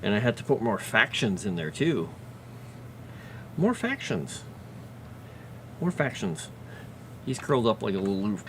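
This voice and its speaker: Talking fast with hardly a pause, the man's fairly low voice carries affectionate, casual chatter aimed at his pet and the people watching his livestream. He streams and writes fantasy lore, and a little hiss or hum can be heard.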